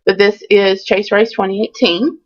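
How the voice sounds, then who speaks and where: A woman's voice: mid-range voice, steady tone, moderate pace, dull audio. A woman telling a candid, chatty storytime in a casual vlog. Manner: chatty and candid, with many ums. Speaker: vlogger.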